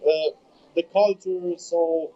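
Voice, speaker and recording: A man in his twenties with a German accent, a bodybuilder speaking English as a second language in a casual interview, halting and repeating words as he searches for them. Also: on the high side, little pitch movement, warm tone. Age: 20s. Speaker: bodybuilder guest. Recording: dull lo-fi remote audio.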